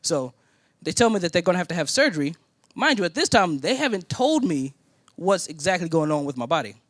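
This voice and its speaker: Lively storytelling man preacher. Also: on the high side, a little fast, dry recording, clean studio sound. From Indiana. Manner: animated storytelling, acting out quoted voices. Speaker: pastor. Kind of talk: sermon storytelling.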